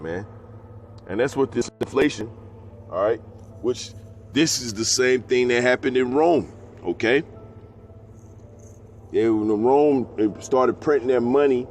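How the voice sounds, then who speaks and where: A man teaching scripture, reading verses slowly and breaking into slangy, profane asides. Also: medium pitch, a little mellow, a little hiss or hum. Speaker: preacher. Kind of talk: scripture teaching with street talk.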